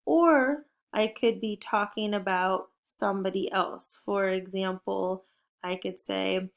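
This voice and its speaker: A woman teaching a spelling lesson to young children, speaking slowly and clearly, upbeat and encouraging. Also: mid-range voice, fairly even intonation. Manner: slow, deliberate word-by-word modeling.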